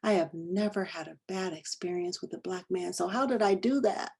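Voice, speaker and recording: A middle-aged woman presenting a lesson, telling a personal story in an animated way, acting out dialogue and dropping to whispers. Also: on the low side, normal speed, gravelly, husky.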